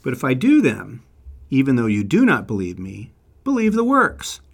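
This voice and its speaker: A man's voice: medium pitch, huge pitch swings, moderate pace, gravelly. A man narrating a scripted lecture on biblical history, reading quotes aloud and adding wry asides.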